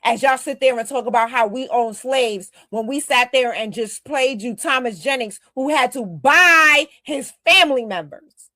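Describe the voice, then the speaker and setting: A woman's voice: high-pitched, normal speed, pushed and bright, no room sound. A woman giving blunt, heated commentary as the host of a talk show. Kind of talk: casual commentary.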